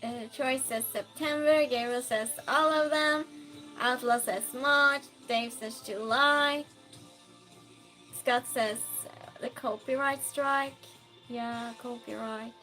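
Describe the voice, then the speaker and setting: A woman with a high, bright, sharp voice chats to her live-stream viewers from a home room, talking slowly and unhurriedly. She reads out their comments, laughs easily and now and then yells out a cheerful greeting. Faint music plays behind her. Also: fairly even intonation. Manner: chatty and warm with viewers, often laughing, bursts of yelling greetings.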